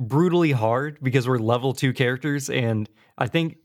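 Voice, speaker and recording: A man's voice: mid-range voice, normal speed. A man hosting a casual gaming podcast, telling stories animatedly and peppering his talk with "like". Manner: animated storytelling, mimics friends; casual, fillers like "like". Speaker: podcast host.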